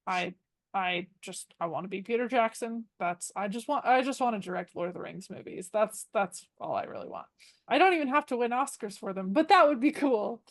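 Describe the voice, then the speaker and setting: A woman's voice: medium pitch, expressive, brisk, no room sound, studio quality. A woman chatting casually as a podcast guest, playful and jokey, trailing off and restarting her sentences.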